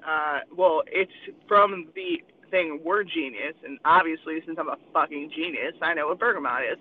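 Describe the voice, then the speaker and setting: A man's voice: on the high side, big pitch swings, moderate pace. A man rambling in casual crude chat with friends, swearing and laughing a lot. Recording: tinny phone-like sound, faint noise.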